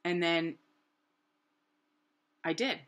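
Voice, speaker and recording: Woman in her 30s, low bright voice, chatty rambling storyteller full of "like"s. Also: drawn-out words. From New Hampshire, USA. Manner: animated, rambling, many "like" fillers, acts out quotes. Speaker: artist and vlogger. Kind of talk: casual personal storytelling.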